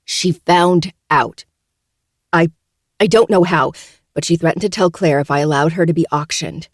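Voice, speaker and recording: A woman's voice: deep voice, normal speed, darkish tone, dry recording, clean studio sound, close to an everyday voice. A woman voicing a venomous, cornered young woman who seethes, screeches and pleads. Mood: seething.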